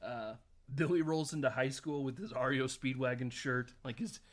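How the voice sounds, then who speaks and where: A man's voice: mid-range voice, moderate pace. A man hosting a casual podcast, recapping a film scene by scene and acting out the lines, often laughing. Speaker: podcast host.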